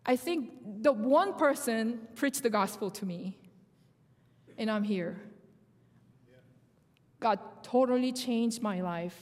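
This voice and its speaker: A young woman with a Korean accent, a native Korean speaker, giving a sermon testimony in animated storytelling that acts out dialogue, with halting phrasing. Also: fairly high pitch. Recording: long hall reverb.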